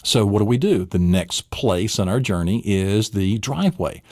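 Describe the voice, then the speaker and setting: Male memory trainer, animated storytelling lecture, dry close recording. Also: on the low side, moderate pace, no echo. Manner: animated, vivid storytelling, asks rhetorical questions. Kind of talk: recorded lesson.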